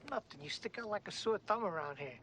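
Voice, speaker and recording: A man's voice: sits high, lively intonation, fast talker, fairly bright tone, slight background noise. An actor playing a teasing man who brags about his cowboy boots, in a clip played on a podcast.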